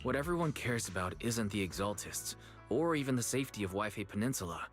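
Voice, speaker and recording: An actor playing a calm, observant young man who speaks in an even, matter-of-fact way. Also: on the low side, fast, lightly acted. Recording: game audio with faint music.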